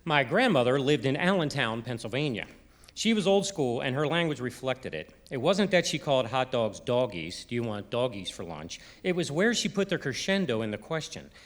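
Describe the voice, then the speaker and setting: A man's voice: mid-range voice, sing-song, normal speed. A middle-aged man from Maryland with a Baltimore accent, giving a humorous timed stage talk and imitating other people's voices. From Maryland, USA. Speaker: presentation speaker. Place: arts center stage before a live audience.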